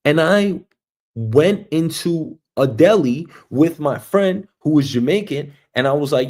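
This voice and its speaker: A man from Queens, hosting a show and telling a meandering comic story, swinging between loud bursts and quiet asides. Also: a little high, lively intonation, unhurried. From Queens, New York, US. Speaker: show host. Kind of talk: rambling comic monologue. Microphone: streaming mic.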